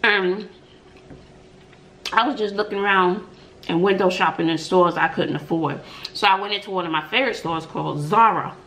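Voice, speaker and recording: A middle-aged woman hosting an eating show, chatting and telling stories between bites, with drawn-out "mm-mm" asides. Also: on the low side, fairly bright tone, a little hiss or hum. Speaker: mukbang host. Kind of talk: chatty storytelling while eating.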